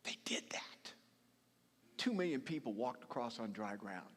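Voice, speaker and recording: Husky animated preacher in a reverberant hall. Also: male voice, medium pitch, measured pace. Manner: dramatic storytelling, acts out quoted voices, swings from loud to hushed. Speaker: bishop preaching. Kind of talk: sermon. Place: large hall used for church services. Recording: long reverb of a large hall.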